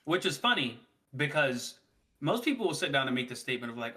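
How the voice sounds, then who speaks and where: A man co-hosting a gaming podcast, talking casually in an animated, rambling way and laughing often. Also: medium pitch, fairly quick. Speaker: podcast co-host.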